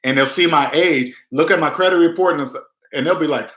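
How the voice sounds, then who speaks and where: A man's voice: a little high, a little fast, a bit bright, reverberant. A man giving personal finance advice to his viewers in a casual livestream, emphatic and preachy, acting out what other people would say.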